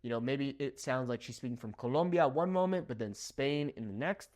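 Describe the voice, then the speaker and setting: A man's voice: medium pitch, lively intonation, brisk, a little mellow. A young man from Southern California, a native English speaker, giving a language lesson and checking in with "okay?" after nearly every point. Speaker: Spanish teacher.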